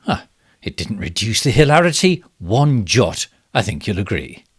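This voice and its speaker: An actor playing a pompous, smug and bumbling male government minister in a comic monologue, with a posh, self-satisfied delivery and sudden leaps in pitch. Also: very animated, moderate pace, slightly rough, dry recording, studio quality. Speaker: satirical character monologue. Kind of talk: comic monologue as a fake live stream.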